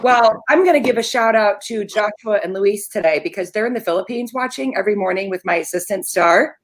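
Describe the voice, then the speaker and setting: A woman's voice: medium pitch, brisk. A woman co-hosting a live morning show, telling playful stories in casual banter. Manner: playful, giggly storyteller.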